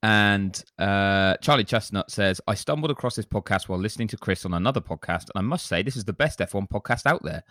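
A man's voice: fairly low pitch, lively intonation, fairly quick, few pauses, fairly bright tone, dry recording, studio quality. A man hosting a casual podcast chat, reading listener reviews aloud with a chatty, self-deprecating manner. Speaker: podcast host.

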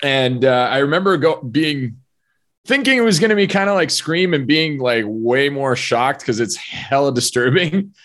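Male podcast co-host, mid-pitched, joking, filler-heavy casual chat. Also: expressive, moderate pace, a bit bright. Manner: jokey, loose, filler-heavy.

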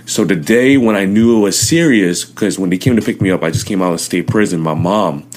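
A young man in his twenties, an interview guest telling his life story in an animated way. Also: low voice, fairly quick. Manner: animated storytelling, acting out quotes loudly.

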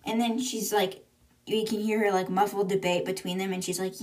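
A podcast host casually recaps a book's chapters in a chatty way, often dropping into quotes with "she's like." Her voice is medium-pitched and steady, at normal speed with a slightly mellow quality. The recording has a roomy echo, as if she's far from the mic.

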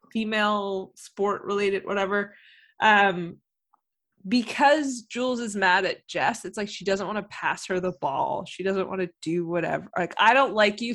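A woman's voice: medium pitch, a bit bright. A young woman hosting a podcast, chatting casually with lots of fillers. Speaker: podcast host. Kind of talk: casual chat.

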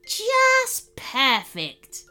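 Woman voicing a loud, gloating storybook pirate captain, pitched high. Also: huge pitch swings, soft background music, heavily acted. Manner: loud, boisterous, drawn-out gloating. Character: gleeful bearded male pirate captain.

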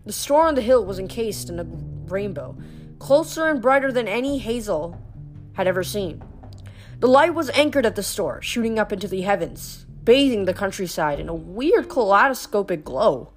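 A woman reads a fantasy novel aloud in a steady, lightly dramatic narrating voice. Her pitch sits in a plain middle range. Faint music plays quietly behind her. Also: normal speed. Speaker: audiobook reader. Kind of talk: storybook reading.

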